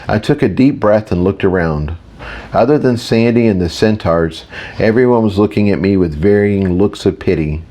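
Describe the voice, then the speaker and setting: Low-voiced male audiobook narrator. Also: normal speed, mellow. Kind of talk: first-person audiobook narration.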